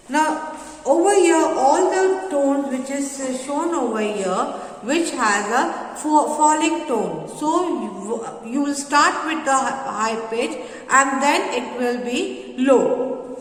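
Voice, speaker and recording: A woman teacher explaining a lesson to children, slow and halting with many fillers. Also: high voice, lively intonation. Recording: echoey room, voice from a distance.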